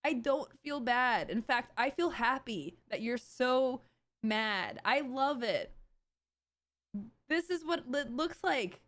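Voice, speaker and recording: A woman's voice: high voice, animated, takes it slowly, fairly bright tone. A woman streamer giving live reaction commentary, ranting sarcastically with lots of fillers and restarts. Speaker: streamer host.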